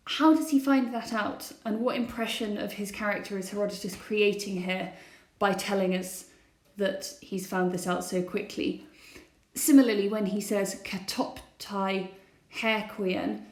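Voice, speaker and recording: In a reverberant recording, a woman with a mid-range voice teaches classics, working through a set text on slides. Throughout the recorded lesson she keeps asking her students questions.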